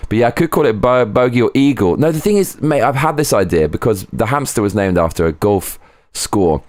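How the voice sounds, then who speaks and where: A man's voice: medium pitch, expressive, fairly quick, darkish tone, dry recording, clean studio sound. A man streaming live from home, chatting casually, rambling and swearing as he goes. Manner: rambling, swearing, breaks into sung snatches. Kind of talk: casual livestream chat.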